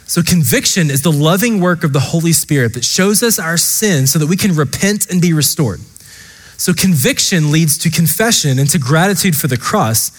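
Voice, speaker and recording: A man's voice: a little high, animated, normal speed, husky, long reverb tail. A man preaching a sermon as pastor, earnest and impassioned, speaking straight to the congregation. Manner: earnest, impassioned preaching with repeated direct address.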